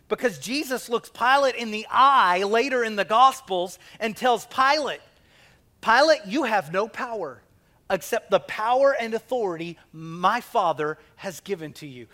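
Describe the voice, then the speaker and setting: A man's voice: high voice, animated, normal speed, pushed and bright. A male pastor preaching a conversational sermon, asking the congregation questions and acting out quotes.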